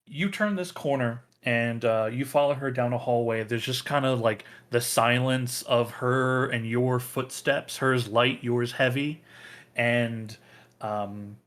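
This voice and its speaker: A man narrating as game master of a tabletop role-playing game, halting with many ums and uhs. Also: mid-range voice, fairly bright tone.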